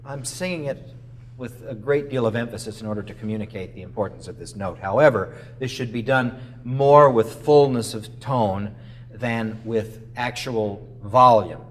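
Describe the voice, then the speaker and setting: A man giving a masterclass to a concert band, explaining musical phrasing and singing short melodic lines to show it. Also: medium pitch. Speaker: clinician. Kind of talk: masterclass coaching. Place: rehearsal room with a band.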